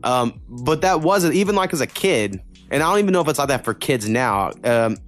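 A man's voice: mid-range voice, lively intonation, fairly quick. Rambling, cursing young man chatting. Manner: rambling, swears a lot, many fillers. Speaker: podcast co-host. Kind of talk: casual chat.

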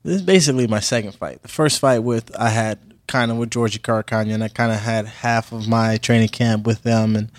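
Relaxed young man, dry close sound. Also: lowish voice, brisk, hardly any pauses, no room sound. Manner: relaxed, easygoing, with frequent fillers and laughs. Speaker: fighter being interviewed. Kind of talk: casual interview chat.

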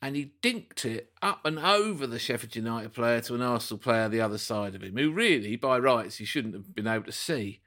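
Chatty man, bright voice. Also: medium pitch, brisk, hardly any pauses. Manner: chatty, excitable, rambling. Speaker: football fan pundit. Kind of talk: casual chat.

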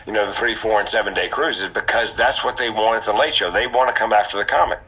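Male comic guest, husky and bright, animated storyteller. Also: on the low side, fast, rough recording. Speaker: podcast guest, comedian. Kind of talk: casual storytelling.

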